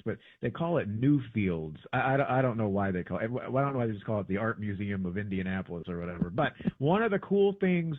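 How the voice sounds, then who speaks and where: A man casually chatting as a podcast co-host, rambling with lots of fillers and restarts, turning animated when excited. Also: lowish voice, dry recording. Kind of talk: casual travel chat. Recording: dry, tinny phone-like sound.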